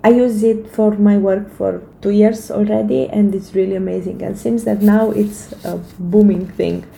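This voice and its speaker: A woman's voice: medium pitch, fairly even intonation, normal speed, gravelly, dark tone, poor audio. A woman in her thirties giving an earnest, encouraging motivational talk to camera, with frequent fillers and restarts. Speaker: vlogger giving life advice.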